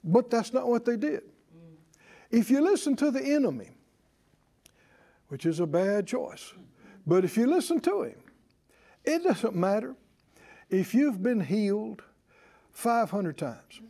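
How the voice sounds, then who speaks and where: Slow, animated folksy preacher man. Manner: folksy, scolding, slow and emphatic with pitch swings. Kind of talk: sermon.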